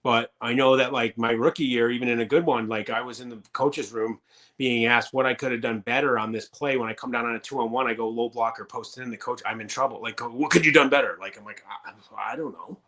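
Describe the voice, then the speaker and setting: A man's voice: mid-range voice, steady tone, quick pace, a bit bright. A man in his thirties, a former pro hockey player, telling rambling, profane stories in a casual interview. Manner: rambling and profane, many fillers.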